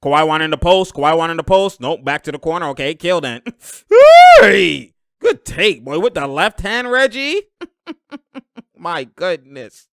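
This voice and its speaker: A young man reacting live to a basketball game, excitable and slangy, laughing often and yelling at plays. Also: a little high, moderate pace, smooth, no room sound, clean studio sound.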